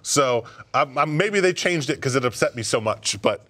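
Excitable swearing man chatting games. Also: mid-range voice, normal speed. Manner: excitable, swears freely, laughs often. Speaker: podcast co-host. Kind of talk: casual chat.

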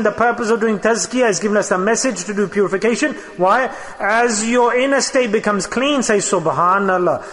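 A man's voice: very high-pitched, fairly bright tone, in a large hall. An older man, a sheikh, preaching a sermon with repetition and rhetorical questions.

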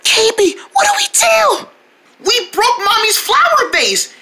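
A squeaky, very high little girl, as a woman puts her on, eager and lively, her pitch bouncing widely. She speaks slowly, with clear background noise in this toy playtime story. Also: full character voice. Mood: worried. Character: sweet little girl, eager younger sister.

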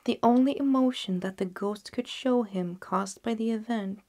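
A woman narrating a classic story, softly and often near a whisper. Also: on the high side, moderate pace. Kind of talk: audiobook narration.

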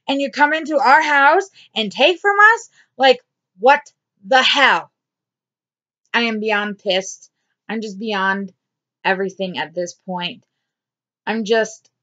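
A woman's voice: a little high, a bit bright, lo-fi sound. A woman vlogger talking straight to camera in a blunt, repetitive diary-style video. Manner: blunt, swearing, repeats herself. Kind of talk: angry diary vlog rant.

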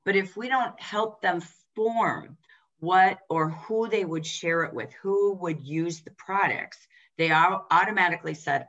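Low-voiced woman coaching with emphasis. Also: a bit bright, lo-fi sound. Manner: direct, emphatic coaching with quick rhetorical questions. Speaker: direct sales leadership trainer. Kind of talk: training talk to team leaders.

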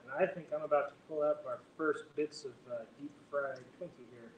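A man's voice: fairly even intonation, fairly quick, distant mic, muffled recording. Wry man cooking away from the mic. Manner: jokey, wry asides. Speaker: co-host cook. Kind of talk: casual live cooking chat. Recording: echoey room, speaking off-mic with faint rumble.

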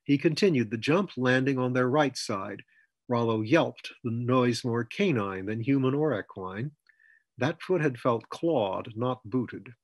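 Male storyteller, husky mid-pitched voice, dry close recording. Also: lively intonation, dry recording. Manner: measured storytelling. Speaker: author reading his story. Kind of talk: scripted narration.

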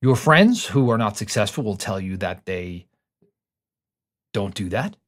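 A man's voice: on the low side, sing-song, unhurried, a bit bright. A middle-aged man hosting a podcast, talking with emphatic, preacher-like build-ups, rhetorical questions and personal stories with asides. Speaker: podcast host. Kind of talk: motivational podcast talk.

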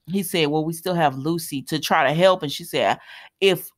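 A woman's voice: deep voice, moderate pace. Chatty woman recapping with asides. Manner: chatty, retells scenes with running commentary and laughs; colloquial, addresses viewers as y'all. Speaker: soap opera recap host. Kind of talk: casual recap chat.

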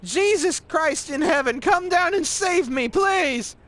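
A man acting out a frantic, unhinged man who wails loud prayers for rescue. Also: animated, slow pace, exaggerated voice. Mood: wailing. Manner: wailing, shrill, desperate.

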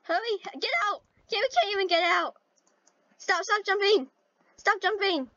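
A young woman commentating casually while playing an online game, chatty and excitable, breaking into panicked yells. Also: very high voice, normal speed, no echo, lo-fi sound. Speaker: gaming channel host.

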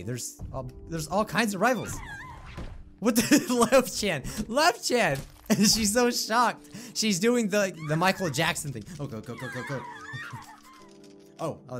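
A man giving excitable gameplay commentary, laughing often and chatting to the characters on screen. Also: high voice. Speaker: gaming video creator.

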